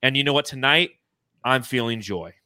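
A man's voice: mid-range voice, moderate pace, pushed and bright, no echo, clean studio sound. An American man in his thirties hosting a fan podcast livestream, emotional and swearing freely as he reads out donations. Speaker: podcast host. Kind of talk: excited casual livestream chat.

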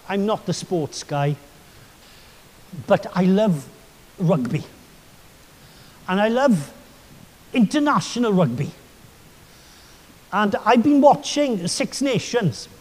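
A man's voice: sits high, darkish tone. A man preaching a sermon as a pastor, telling enthusiastic, chatty stories full of asides, recorded in a hall with long reverb.

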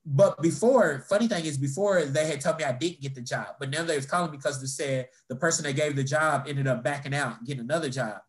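A young man with a fairly high voice talks fast with few pauses, telling personal stories in a casual chat. He swears freely and animatedly acts out the voices of the people he quotes.

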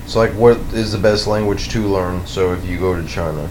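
A man chatting casually on a podcast, relaxed and easygoing. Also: low-pitched, fairly quick, slight background noise, poor audio. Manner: relaxed, easygoing, short remarks. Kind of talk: casual chat.

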